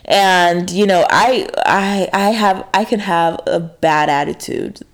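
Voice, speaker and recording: A woman's voice: fairly low pitch, steady tone, slow pace. A woman talking to the camera in a casual, confessional monologue, frank and full of fillers and restarts. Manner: frank, swears freely, many fillers and restarts.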